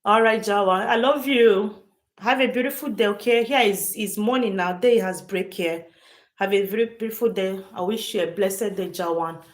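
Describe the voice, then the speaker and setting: Here a livestream host addresses her chat directly in a mid-range voice at normal speed. She sounds emphatic and tends to say the same phrases over and over.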